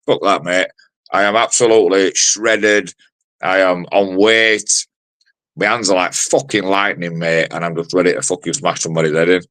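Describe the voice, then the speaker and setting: Brash man in his forties, very low voice, dry close sound, swaggering fight talk. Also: steady tone, fairly quick, fairly bright tone, dry recording. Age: 40s. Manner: brash, sweary trash talk with many fillers. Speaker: bare-knuckle fighter. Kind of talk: fight promo interview.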